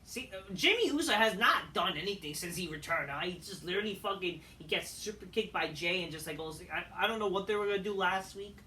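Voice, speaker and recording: A woman with a bright, pushy voice rants her way through a review, swearing freely and waving things off as she goes. She sits well back from the mic in a roomy, echoing space. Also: lowish voice, expressive, brisk, hardly any pauses, slight background noise. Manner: profane, dismissive, rambling. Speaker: wrestling show reviewer. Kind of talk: casual review rant. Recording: echoey room, voice far from mic.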